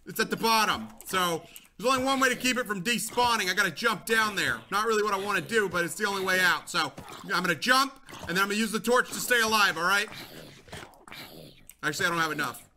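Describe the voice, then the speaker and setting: Young male gamer, high and very bright voice, excitable commentary with yelps, faint background hiss. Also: quick pace. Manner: excitable, yells and mutters to viewers, repeats himself. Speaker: gaming channel host. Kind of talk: let's play commentary.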